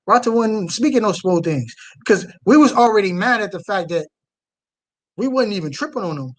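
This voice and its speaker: Fiery high-voiced male street preacher. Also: very animated, brisk. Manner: fiery, swings from low mutters to loud outbursts. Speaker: street preacher reacting to a video. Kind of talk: live reaction commentary.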